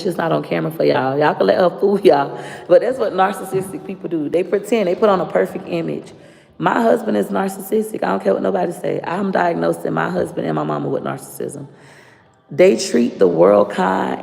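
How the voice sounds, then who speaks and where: A vlogger with a Florida accent rants to camera in a blunt, profane, casual way. Her voice is fairly low, creaky and mellow, and the recording carries a long reverb.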